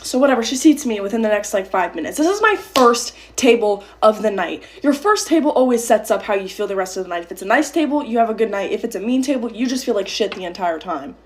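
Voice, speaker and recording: A woman's voice: mid-range voice, animated, fast, few pauses, slight background noise. A seventeen-year-old girl telling a heated story in a casual get-ready-with-me video, swearing often and restarting her sentences. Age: teens.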